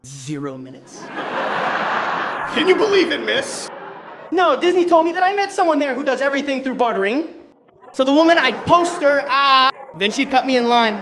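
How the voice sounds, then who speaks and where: Animated Brazilian stand-up comedian man. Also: very high-pitched, moderate pace, pauses often, background noise. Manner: animated, bursts into shouted exclamations.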